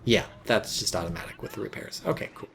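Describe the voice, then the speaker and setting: A man casting a strategy game match in casual commentary, excitable, sarcastic and swearing freely. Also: on the low side, fast talker, creaky, a little hiss or hum. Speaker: game caster.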